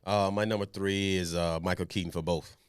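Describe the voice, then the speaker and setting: A man's voice: low voice, fairly even intonation, brisk, clear, resonant tone, no room sound, clean studio sound. A man co-hosting a podcast in casual chat, mostly giving brief agreeable replies. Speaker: podcast co-host.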